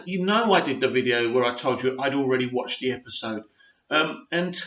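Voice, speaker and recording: A man's voice: on the high side, fairly bright tone. A man giving an unscripted, frustrated rant as a TV review vlogger, full of emphatic rhetorical questions. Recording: roomy, dull lo-fi sound.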